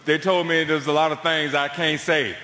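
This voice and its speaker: A man from the American Deep South with a Southern accent, doing a stand-up comedy set on stage with lively storytelling and deadpan punchlines. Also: moderate pace. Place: large theatre on stage, audience laughing. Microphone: stage microphone. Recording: echoey theatre hall with long reverb.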